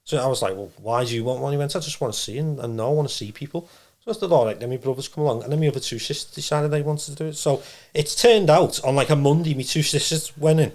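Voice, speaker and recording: Male guest, rapid rambling storyteller, medium voice. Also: medium pitch. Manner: rambling, animated storytelling with acted-out quotes. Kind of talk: casual storytelling interview.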